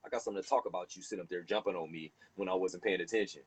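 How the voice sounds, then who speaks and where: A man hosting a heated casual discussion, animated and profane, preaching and acting out other people. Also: sits low, rapid-fire, slightly rough, rough recording.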